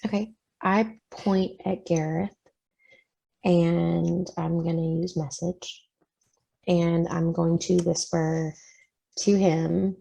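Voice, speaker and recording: A woman with a low voice full of fry and a husky edge. She plays a tabletop game with friends and takes a motherly, coaxing tone with them. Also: fairly even intonation, takes it slowly, mellow, rough recording. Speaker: player.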